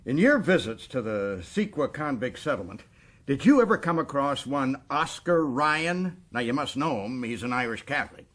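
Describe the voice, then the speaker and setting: An actor playing a boastful, folksy prison governor in a radio drama. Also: male voice, mid-range voice, sing-song, moderate pace, fairly bright tone. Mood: coaxing.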